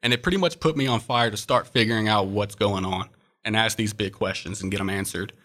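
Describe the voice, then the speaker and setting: A young man with a bright, forceful voice, speaking as a guest on an interview show. He tells his story earnestly and reflectively, with plenty of "uh"s along the way. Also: lowish voice, fairly quick. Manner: earnest, reflective, frequent "uh" fillers. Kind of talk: personal testimony in interview.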